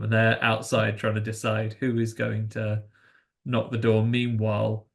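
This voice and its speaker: A man's voice: on the low side, completely flat delivery, measured pace, creaky. A man co-hosting a podcast, chatting casually about a film with joking asides. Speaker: podcast co-host.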